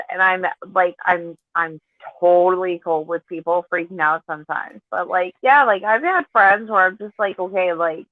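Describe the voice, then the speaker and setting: A woman's voice: lowish voice, no room sound. Woman on a thin, phone-like line. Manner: loose, filler-heavy chat. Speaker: podcast co-host. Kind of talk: casual chat. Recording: thin phone-like dry sound.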